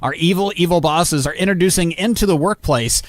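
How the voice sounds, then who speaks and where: A man's voice: fairly high pitch, fairly quick. A man co-hosting a radio show, joking in casual banter and laughing often, with many fillers and restarts. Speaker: radio co-host. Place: radio studio.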